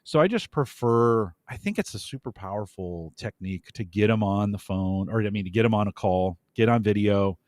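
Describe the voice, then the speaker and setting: A man co-hosting a casual podcast chat, agreeable and telling quick anecdotes. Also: on the low side, expressive, a little mellow, dry recording, studio quality.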